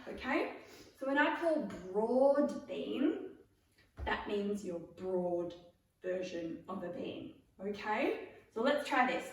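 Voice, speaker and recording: A woman drama teacher running an online class for children, playful and calling out cues with bursts of excitement. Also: medium pitch, slow pace, slight background noise. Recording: echoey room, mic far off.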